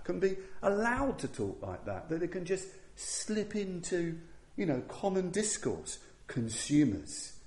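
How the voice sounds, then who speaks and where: A man's voice: mid-range voice, darkish tone, echoey room. A man giving an earnest, emphatic Buddhist Dharma talk, with frequent restarts. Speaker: Buddhist teacher.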